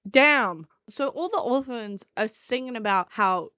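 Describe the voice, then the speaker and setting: Young woman, slight lisp, sarcastic movie recap, somewhat high voice, smooth clear tone. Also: animated, unhurried, pushed and bright, no room sound, clean studio sound. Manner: sarcastic, exasperated, mocking asides. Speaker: movie reviewer. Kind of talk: casual comedic movie recap.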